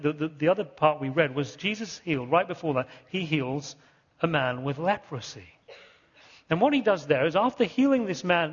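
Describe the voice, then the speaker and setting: A British-born man preaching with a high, slightly husky voice, driving his points home by repeating key words. The sound is dull and carries a long hall reverb, as if heard in a big church. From Britain. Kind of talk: sermon.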